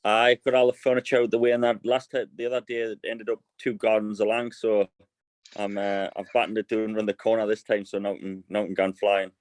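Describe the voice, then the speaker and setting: Guy in his 30s, low voice, dry sound, rambly chatty storyteller. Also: little pitch movement, a little fast, no room sound, low-quality recording. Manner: chatty storyteller, many restarts. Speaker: guest, fast bowler. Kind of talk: casual podcast chat.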